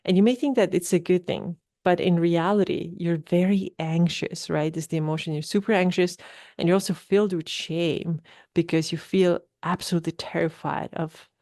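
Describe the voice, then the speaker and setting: A woman's voice: fairly low pitch, fairly even intonation, moderate pace, dark tone, dry recording, studio quality. A woman hosting a podcast, coaching listeners and often tagging her points with "right?". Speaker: podcast host. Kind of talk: solo podcast talk.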